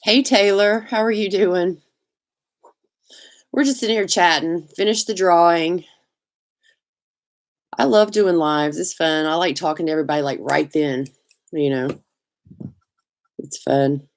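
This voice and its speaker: A woman's voice: lowish voice, a little slow, long pauses. Chatty Southern woman on a livestream. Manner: chatty, laughs often, greets viewers by name. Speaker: livestream host. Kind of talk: casual live chat.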